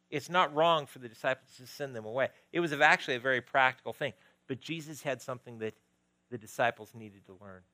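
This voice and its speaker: A male pastor preaching a sermon, moving between loud emphasis and quiet, intimate stretches. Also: mid-range voice, quick pace, dry recording, low-quality recording.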